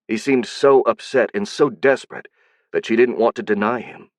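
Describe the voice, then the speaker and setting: A man reading an audiobook in a steady, even scripted narration. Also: medium pitch, moderate pace, dry recording.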